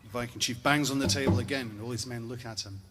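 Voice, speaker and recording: Wry, rambling Scottish storyteller. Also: male voice, medium pitch, fairly even intonation, quick pace, over loud music. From Scotland. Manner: wry, rambling, profane asides. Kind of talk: comic spoken storytelling.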